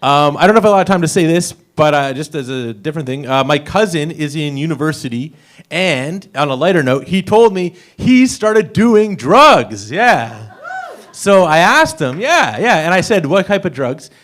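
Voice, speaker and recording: A young man on an open mic stage doing a loose, rambling stand-up set. His voice sits a little high and swings widely in pitch. He laughs through his own jokes as he goes. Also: big pitch swings, normal speed, fairly bright tone. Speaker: stand-up comedian.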